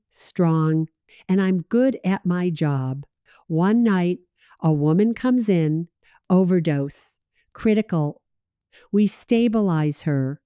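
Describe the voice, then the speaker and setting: A woman in her thirties narrating a scripted first-person story in a calm, measured way. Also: fairly low pitch, smooth, no room sound, clean studio sound.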